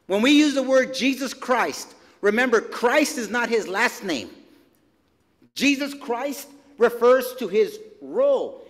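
A man's voice: extremely high pitch, a bit bright, long reverb tail. A male pastor preaching a sermon in a church, talking in a loose, conversational way with casual slang and repeated phrases. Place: church sanctuary.

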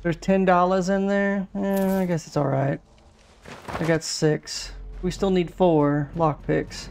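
A man streaming a game live, muttering casual commentary and quick offhand reactions. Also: sits high, little pitch movement, vocal fry, a little mellow, slight background noise.

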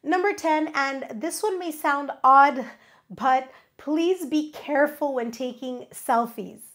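Woman w/ a cold, nasal and high, upbeat travel tips host. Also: slow, a bit bright. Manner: upbeat, instructive. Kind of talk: scripted tips video.

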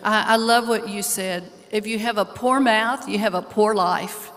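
A woman co-hosting a sermon, telling a personal story in an earnest, animated conversational way. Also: mid-range voice, unhurried. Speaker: co-host preacher. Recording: long hall reverb from a large church.

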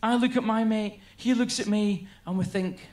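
A Scottish stand-up comedian performs a routine, animatedly telling stories and acting out his friends' voices. His high-pitched voice moves at a moderate pace, and the sound is reverberant.

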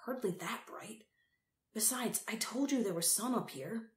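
A woman's voice: fairly high pitch, unhurried, pitched above the performer's own voice, close to an everyday voice. A woman voicing an earnest, determined teenage boy who speaks firmly, in an echoey room. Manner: earnest and firm.

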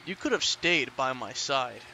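A man's voice: mid-range voice, expressive, a little slow, sharp tone, slight background noise, voice pushed down, exaggerated voice. Man reading as a coaxing forest ghost woman. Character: mournful ghostly woman luring a lost child.

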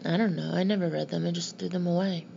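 Woman reading cocky older brother boy, slangy, teasing, flat delivery. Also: lowish voice, fast talker, creaky, highs cut off, slight background noise.

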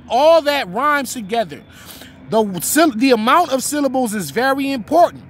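A man's voice: extremely high pitch, sing-song, moderate pace, a bit bright, a little hiss or hum. A man in his thirties giving a casual lesson on rap rhyme writing, reciting example bars and repeating himself as he explains. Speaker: battle rap writing teacher. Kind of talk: informal instructional talk to camera.

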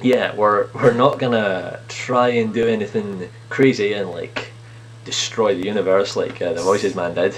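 He speaks in a fairly low, steady voice at a measured pace, with faint hiss or hum in the background. It's a home video shot on a camera on a TV unit in his sitting room, where the blogger rambles through an improvised comedy skit as himself and his clone, poking fun at himself.

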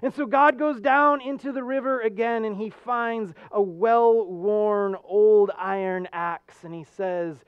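A male American pastor preaching a sermon with earnest storytelling and animated jokes. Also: high-pitched, unhurried, few pauses, no echo, muffled recording.

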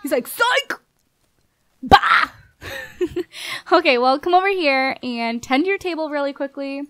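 A woman with a high, bright voice provides casual commentary on a life-sim game, chatty and bubbly and laughing often. She talks straight to the on-screen characters, cheering them on and scolding them. The recording is close-miked and dry, with no room sound.

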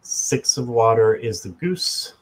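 Laid-back man hosting a live stream, unhurried, jokey, mid-pitched voice. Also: expressive, poor audio. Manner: slow, chatty, talks to viewers by name, jokes. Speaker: tarot reader and channel host. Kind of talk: casual live-stream chat.

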